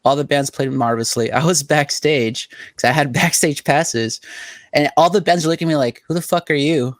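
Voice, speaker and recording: A young Southern California man co-hosts a podcast, his voice on the high side and a little fast, recorded dry. In casual chat he tells rambling, profane stories packed with "like."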